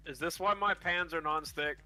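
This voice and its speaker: Guy teasing his friends, super bright voice, bit high. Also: normal speed, dry recording, faint music behind. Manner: teasing, wisecracking. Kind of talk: casual group chat.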